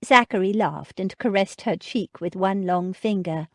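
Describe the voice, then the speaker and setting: A woman narrating an audiobook in an expressive, measured way. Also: medium pitch, no echo, clean studio sound. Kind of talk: scripted narration.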